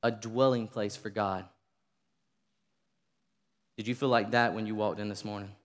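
A man preaching a sermon to a congregation, rising to fervent shouting and leading call-and-response. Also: fairly low pitch, fairly even intonation, unhurried. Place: church sanctuary. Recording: long reverb of a large hall.

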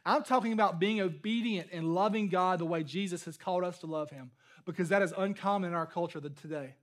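A man's voice: sits high, fast talker. A man preaching a sermon as pastor, talking conversationally, repeating and restarting phrases and building up to emphatic points.

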